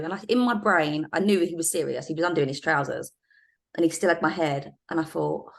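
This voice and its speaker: A middle-aged woman in a podcast interview, telling anecdotes in a lively casual way with frequent laughs and fillers. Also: deep voice, a little fast, creaky. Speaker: guest, former undercover police officer.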